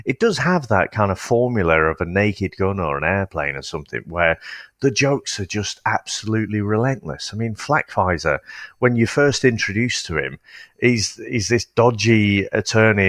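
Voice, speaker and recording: Low-voiced man musing on a film. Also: a bit bright, dry recording, studio quality. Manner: thoughtful, hesitant, with restarts. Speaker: podcast co-host. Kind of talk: casual film review chat.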